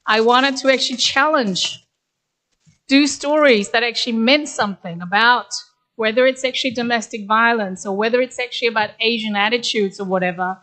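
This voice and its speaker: A woman's voice: on the high side, brisk, a bit bright. A middle-aged woman from Korea, a guest speaker telling personal stories at a graduation in a conversational, candid way. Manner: conversational, candid, with frequent "actually". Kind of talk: ceremonial speech, personal storytelling.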